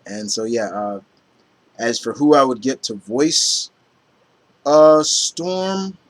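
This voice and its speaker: A man chatting casually to camera in an excited, rambling way, with many fillers and restarts. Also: mid-range voice, slow pace. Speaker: vlogger. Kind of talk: casual chat.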